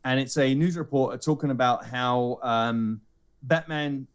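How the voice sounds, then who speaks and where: A man's voice: medium pitch, a little slow, clear, resonant tone. Casual man retelling a film. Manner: animated storyteller acting out lines in character voices. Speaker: podcast co-host recounting a film screening. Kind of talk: casual chat.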